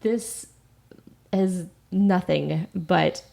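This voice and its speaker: A woman co-hosting a podcast, chatting in a loose, animated way and laughing through her sentences. Her voice has a gravelly fry running through it. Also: lowish voice, extremely slow. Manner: giggly, animated, often laughing while talking. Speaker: podcast co-host. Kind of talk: casual TV recap chat.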